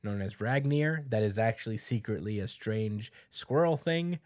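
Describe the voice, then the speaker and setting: A man's voice: fairly low pitch, expressive, moderate pace, darkish tone. Casual man rambling through a recap. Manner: rambling, many fillers, acts out quotes. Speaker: podcast co-host.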